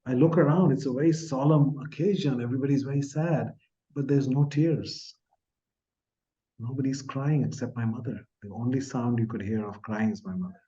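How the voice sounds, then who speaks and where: Earnest, soft-spoken older man telling a story. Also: medium pitch, moderate pace, lo-fi sound. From India. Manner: earnest, soft-spoken, trailing off at phrase ends. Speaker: podcast guest, author. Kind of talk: reflective storytelling in an interview.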